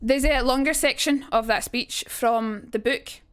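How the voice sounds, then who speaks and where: Young woman rambling on stream, higher voice, dry close mic. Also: unhurried, fairly bright tone, clean tone, no echo. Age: young adult. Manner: chatty, rambling, self-interrupting. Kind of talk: casual live-stream chat.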